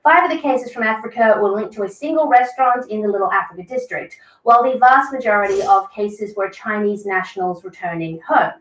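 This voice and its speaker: A woman's voice: medium pitch, fairly quick, few pauses, fairly bright tone. Distant woman reading scripted news. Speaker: news video narrator. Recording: roomy, distant played-back clip.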